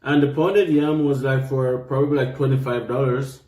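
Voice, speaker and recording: A man's voice: medium pitch, steady tone, moderate pace, a little mellow, echoey room. A young man with a Jamaican accent, chatting casually and laughing while he tastes food on camera. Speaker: vlogger. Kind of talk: casual food-tasting chat.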